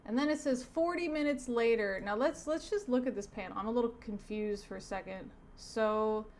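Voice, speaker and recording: A woman, a teacher by trade, reading a comic aloud in casual commentary, with wry asides and sentences that wander off and trail away softly. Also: a little high, a little hiss or hum. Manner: digressive, self-correcting, trails off softly. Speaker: teacher reviewing a comic on her channel.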